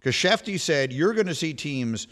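A man's voice: a little high, expressive, moderate pace, fairly bright tone. A man hosting a sports radio show, teasing his co-hosts with incredulous, laughing banter. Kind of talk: casual sports talk banter.

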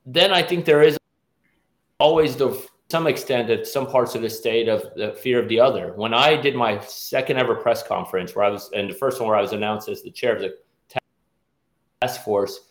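Halting middle-aged man in a roomy space. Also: medium pitch. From Nashville, US South. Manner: halting, many restarts and fillers. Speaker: guest, orthopedic surgeon and task force chair. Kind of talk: interview conversation.

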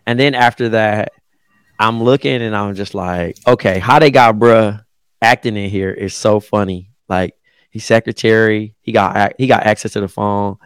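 A man's voice: lowish voice, normal speed, clean tone, dry recording. A man co-hosting a casual podcast, chatting loosely about a show in slang. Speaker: podcast co-host. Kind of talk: casual recap chat.

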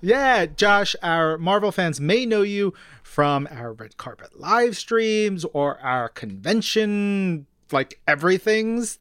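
A man hosting a podcast in casual chat, relaxed and chatty with plenty of fillers. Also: a little high, clear, resonant tone, dry recording, studio quality. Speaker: podcast host.

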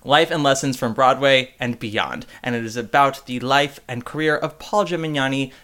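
A man's voice: medium pitch, moderate pace, fairly bright tone. A man hosting a theatre podcast in a playful, theatrical and opinionated manner. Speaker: podcast host. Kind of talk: casual podcast chat.

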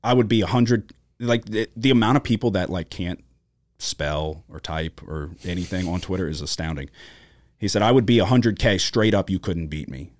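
Deep-voiced and moderately paced, a man co-hosts a studio podcast with no echo in the recording. He tells stories in loose chat, cursing freely and animatedly acting out the voices of people in them.

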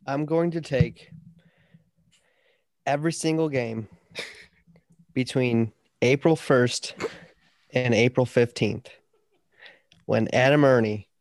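A man's voice: medium pitch, slow pace, pauses often, a little mellow, dry recording, studio quality. A man co-hosting a sports podcast, talking casually and enthusiastically. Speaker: podcast co-host.

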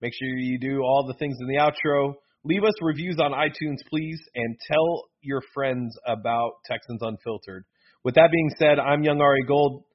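A man co-hosting a casual sports podcast, rambling and excitable, often correcting himself mid-sentence. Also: medium pitch, moderate pace. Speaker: podcast co-host. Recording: dull lo-fi podcast audio.

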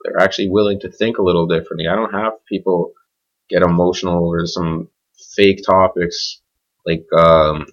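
Man, low voice, blunt profane rambling, solo podcast rant, muffled lo-fi sound. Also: normal speed. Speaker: podcast host. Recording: dull lo-fi home recording.

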